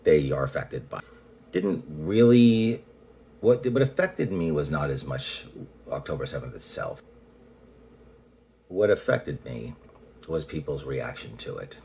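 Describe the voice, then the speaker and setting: A man's voice: a bass voice, expressive, measured pace, gravelly, long pauses, dark tone, a little hiss or hum. A man talking in a casual personal monologue, rambling and blunt, often restarting sentences and swearing. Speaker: vlogger.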